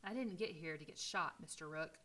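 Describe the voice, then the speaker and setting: Woman reading as a middle-aged man, guarded, polite, measured, bright voice. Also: sits low.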